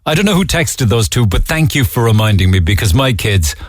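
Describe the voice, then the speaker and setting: A man's voice: medium pitch, very animated, fairly quick, no room sound. A middle-aged man with a Cork accent hosting a radio show, chatting casually with an amused manner and reading listener texts aloud. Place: radio studio. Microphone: studio microphone.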